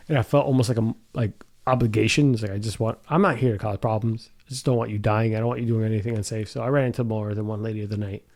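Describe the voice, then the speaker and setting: Rapid-fire delivery marks this podcast co-host, whose mid-range voice stays steady and a little mellow. He tells stories during casual conversation, cursing freely and often breaking into laughter.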